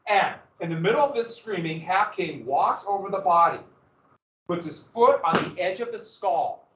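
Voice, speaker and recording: Male history teacher, slightly high voice, storyteller style with loud bursts, dull echoey classroom sound from a distance. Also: animated, moderate pace, slight background noise. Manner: vivid dramatic storytelling with sudden loud bursts. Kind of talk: classroom lecture.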